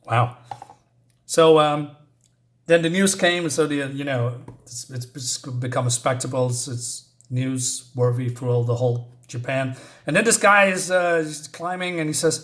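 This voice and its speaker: A man retells a horror story in a loose, casual way. He rambles and pauses often to search for his words, filling the gaps with ums and you-knows. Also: on the high side, steady tone, a bit bright.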